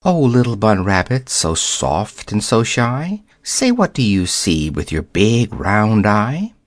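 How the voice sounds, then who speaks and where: A man voicing a sweet, curious little girl who speaks softly and eagerly. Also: fairly high pitch, huge pitch swings, normal speed, dry recording, studio quality. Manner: soft and eager.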